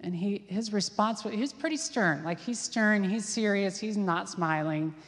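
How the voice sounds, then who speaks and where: A woman from Ohio telling a lively, self-deprecating story in a sermon, with quick asides. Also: mid-range voice. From Ohio, USA. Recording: long hall reverb.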